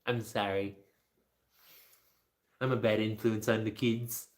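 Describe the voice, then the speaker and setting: A man's voice: level tone, takes it slowly. A man talking casually and jokily to the camera, rambling from one thought to the next. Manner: rambling, jokey, jumps into a high baby-talk voice for his dog. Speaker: vlogger. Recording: picked up through a building announcement speaker.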